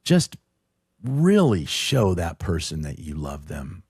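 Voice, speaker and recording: A middle-aged man, a podcast guest, tells an emotional personal story in conversation, earnest and halting, often restarting his sentences. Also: deep voice, wildly swooping pitch, darkish tone, slightly rough, no room sound, studio quality. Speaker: podcast guest, show producer.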